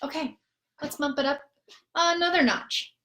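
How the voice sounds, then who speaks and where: Minnesotan woman, music therapist; unhurried, slightly high voice, counts in and chants the beats. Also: steady tone, a bit bright, rough recording. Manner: slow, patient, counts in and chants food words as rhythms. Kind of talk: rhythm lesson on a live stream.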